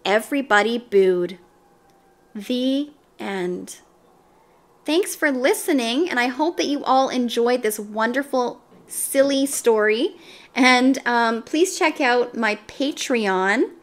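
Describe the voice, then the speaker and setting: A woman reading a children's storybook aloud in a slow, expressive manner, as host of her reading channel. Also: a little high.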